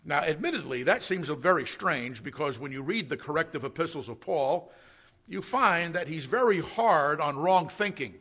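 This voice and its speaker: A pastor delivering a sermon with a gravelly, fry-laced voice that sits a little high for a man. He preaches emphatically, pausing on rhetorical questions and sprinkling in "uh" fillers. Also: lively intonation, pushed and bright. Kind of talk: expository sermon.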